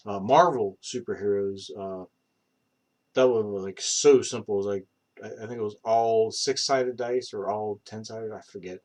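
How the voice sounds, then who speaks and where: A man's voice: on the low side, moderate pace, darkish tone. A young man on a live stream who rambles casually, with many fillers and restarts. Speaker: streamer practicing accents.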